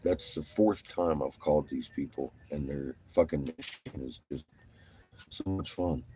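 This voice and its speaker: Weary, grumbling deep-voiced man. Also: a little slow, warm tone, slight background noise, rough recording. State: tired. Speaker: vlogger on the road. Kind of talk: casual vlog monologue. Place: inside a vehicle while driving.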